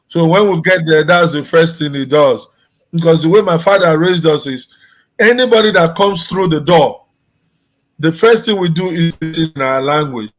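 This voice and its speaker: Male guest from Nigeria, casual conversation, slightly higher voice, easygoing delivery. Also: poor audio. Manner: relaxed, conversational, with restarts. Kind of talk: casual chat.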